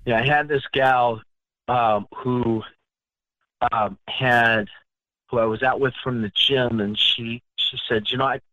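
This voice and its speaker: A man's voice: mid-range voice, fairly even intonation, takes it slowly, pushed and bright, muffled recording. A man from the Northeastern United States hosting a casual chat, telling stories in a boastful, mock-arrogant way. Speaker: podcast host.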